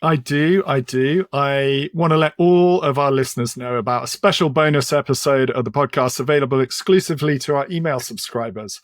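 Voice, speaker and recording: A man's voice: medium pitch, no echo, studio quality. A man co-hosting a podcast, wrapping up and reading a promotional reminder in an upbeat way. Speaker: podcast co-host. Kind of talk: casual podcast chat.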